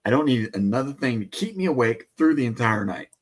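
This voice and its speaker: A man's voice: mid-range voice, expressive, a little fast. A man co-hosting a casual livestream chat, blunt and grumbling in his replies. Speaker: livestream co-host.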